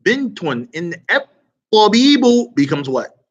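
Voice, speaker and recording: A man's voice: sits high, sing-song, takes it slowly, highs cut off. A man teaching an online Arabic grammar lesson, quizzing students and praising their answers with casual asides.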